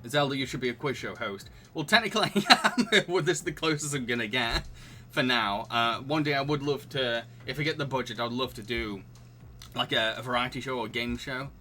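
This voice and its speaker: On a live-streamed quiz, a man with a sharp, mid-range voice and a slightly fast delivery reads questions and answer choices aloud. Between laughs he answers chat in a chatty, giggly way.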